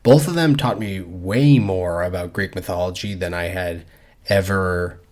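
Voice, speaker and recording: A man's voice: deep voice, a little slow, a little mellow. A man co-hosting a casual book-club podcast, rambling, swearing freely and laughing often. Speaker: podcast co-host.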